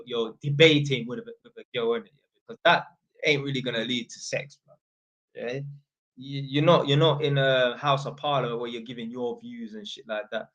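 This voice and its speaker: A man with a London accent chats casually on a livestream, loose and rambling, full of street slang. His pitch sits at a middling level for a man, and he slips into other people's voices when he quotes them. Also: fairly bright tone. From North London, England. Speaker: channel host.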